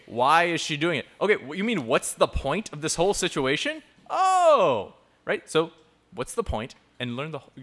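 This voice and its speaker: Brief: male host, slightly high voice with a very animated pitch, playful and tangent-prone, giving a live youth talk. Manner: animated, joking, improvises tangents.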